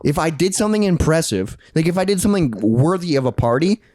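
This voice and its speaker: Late-20s guy on a podcast, blunt and sweary, lively up-and-down voice, dry close mic. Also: fairly high pitch, fast, dry recording. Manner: blunt, swears freely, laughs often. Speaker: podcast co-host. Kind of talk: casual chat.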